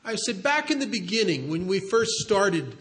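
Mężczyzna w średnim wieku, szczera, urywana opowieść, dość wysoki głos. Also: male voice, high voice, sing-song, fairly bright tone. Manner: earnest, halting, with restarts. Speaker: recovery sponsor telling a story. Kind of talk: storytelling talk.

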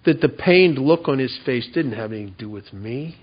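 A man's voice: mid-range voice, lively intonation, a little fast, slightly rough, lo-fi sound. A man telling a candid, confessional story about his recovery to a meeting, with self-mocking humor. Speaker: recovery speaker.

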